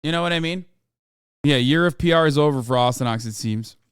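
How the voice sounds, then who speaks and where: A male streamer riffs in casual reaction commentary, his speech loose, emphatic and full of fillers. His voice sits a little high and comes across smooth and resonant. The sound is dry and close. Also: fast talker, dry recording. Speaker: streamer host.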